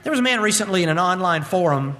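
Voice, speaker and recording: A man preaching a sermon, swinging between slow emphatic lines and quick bursts. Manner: animated preaching, swinging pitch and pace.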